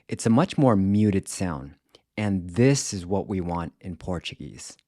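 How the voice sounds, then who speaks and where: A man teaching a language lesson in a scripted, careful way, repeating words slowly to show how they are said. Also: low voice, a little mellow, no room sound, clean studio sound. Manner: slow, careful, demonstrates pronunciation by repeating words.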